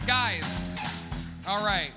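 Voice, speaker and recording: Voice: medium pitch, huge pitch swings, very slow, loud music behind the voice. A host emceeing a comedy show on a club stage, hyped and bossy with the crowd.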